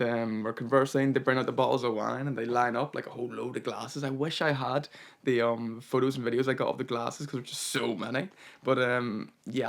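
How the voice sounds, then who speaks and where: A man's voice: medium pitch, vocal fry. A young man narrating his travel vlog in a chatty, rambling way, full of "kinda" and "you know". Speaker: travel vlogger.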